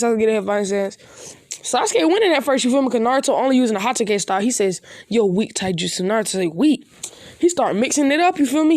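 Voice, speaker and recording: A woman's voice: fairly high pitch, a little mellow, no room sound, clean studio sound. A woman casually telling a made-up fan story in a rambling, loose, slangy way.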